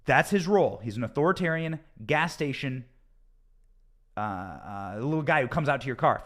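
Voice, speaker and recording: A man's voice: mid-range voice, expressive, normal speed, a bit bright. An American man hosting a political commentary show, talking emphatically and sarcastically and repeating points for effect. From United States. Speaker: host.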